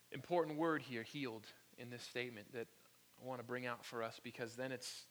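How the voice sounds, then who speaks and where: A man preaching a sermon, telling stories with animated energy and dropping to soft whispers for emphasis. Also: mid-range voice. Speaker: pastor. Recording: long echo of a large hall.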